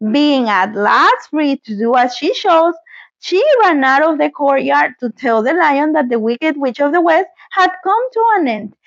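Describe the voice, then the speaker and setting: Woman host, storybook reader; high and lively, playful asides, dry lo-fi sound. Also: no room sound. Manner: animated, playful commentary. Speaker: host reading a story aloud. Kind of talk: expressive storybook reading with commentary.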